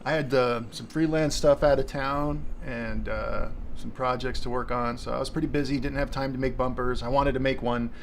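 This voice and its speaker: A man's voice: medium pitch, fairly even intonation, normal speed, few pauses, a little hiss or hum. A man co-hosting a live show in loose, joking, self-deprecating chat. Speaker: podcast co-host. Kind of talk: casual chat.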